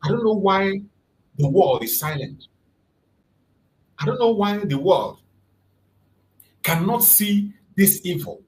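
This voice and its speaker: A man's voice: high voice, animated, slow, long pauses, darkish tone, slight background noise, low-quality recording. A man from southeastern Nigeria, hosting an impassioned political commentary and hammering his points home with repetition. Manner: fervent, repetitive, emphatic. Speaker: channel host.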